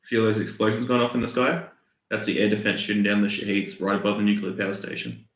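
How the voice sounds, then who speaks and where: An Australian man explaining video clips in an easygoing, halting way during a casual home livestream. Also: fairly low pitch, reverberant, poor audio. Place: room at home with dogs.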